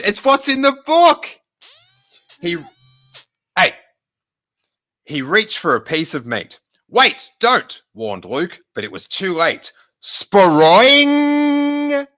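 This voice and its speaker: Animated, jokey male podcast host. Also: medium pitch, no echo. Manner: jokey, animated, does character voices. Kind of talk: casual read-aloud with commentary.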